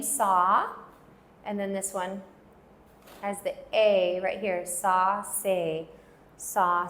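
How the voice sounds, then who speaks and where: A woman teaching a language lesson, patiently repeating words slowly so learners can follow. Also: medium pitch, a little hiss or hum. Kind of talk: slow pronunciation lesson.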